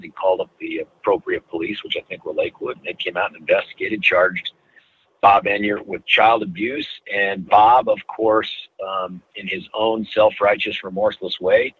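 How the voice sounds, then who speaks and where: Middle-aged man, former prosecutor, measured storytelling, husky, tinny phone-like sound. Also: lowish voice. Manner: measured, deliberate, stretches words for emphasis. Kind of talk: conversational interview storytelling.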